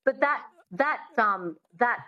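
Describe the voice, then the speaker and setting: A woman's voice: on the high side, lively intonation, takes it slowly, bright, forceful tone, lo-fi sound. A woman, a dialect coach explaining work in a radio interview. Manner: demonstrates accents, explains with fillers.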